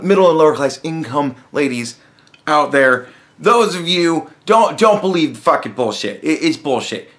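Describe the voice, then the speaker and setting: A man with a notably high-pitched voice delivers a blunt commentary rant packed with swearing. He restarts his sentences often and talks straight at the viewer like a vlogger. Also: a bit bright. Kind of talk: profane reaction rant.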